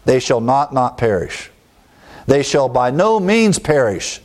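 A man preaching an expository sermon, explaining word meanings with emphatic rises in pitch and brief chuckling asides. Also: sing-song, slow pace, a little mellow. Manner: emphatic teaching, leaping up in pitch on key words, chuckling asides.

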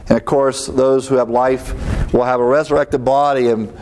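A man delivering a sermon in a mid-pitched voice. He reads scripture and explains it, leaning on slow, drawn-out words and sudden high rises for emphasis. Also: fairly even intonation, a little mellow, slight background noise. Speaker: preacher.

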